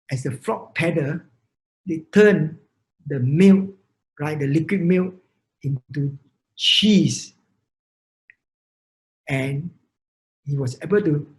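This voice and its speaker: Emphatic, high-voiced Vietnamese-accented male speaker. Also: a little mellow, poor audio. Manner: emphatic, repeats key words, frequent restarts. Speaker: motivational speaker. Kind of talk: motivational seminar talk with a story.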